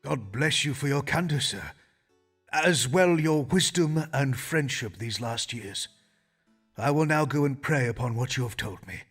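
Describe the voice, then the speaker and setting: A man's voice: medium pitch, lively intonation, a little slow, fairly bright tone, breathy edge, faint music behind, exaggerated voice. An actor voicing a fearful, devout, sickly Elizabethan man who pleads in prayer. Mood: resigned. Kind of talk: voiced game dialogue in Elizabethan English.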